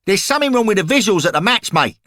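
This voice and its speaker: A brash, boastful young football hooligan ghost blares his lines in a loud, raised voice, as a male narrator puts him on. He sounds cocky and eager for a fight. The recording is close and dry. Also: high voice, sing-song, fast, no echo, voice pushed up, exaggerated voice.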